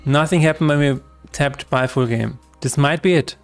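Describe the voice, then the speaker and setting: A man live-streams his game development work, talking through each step aloud in a chatty way and correcting himself as he goes. His voice is a little high, his pace moderate, with faint music behind him.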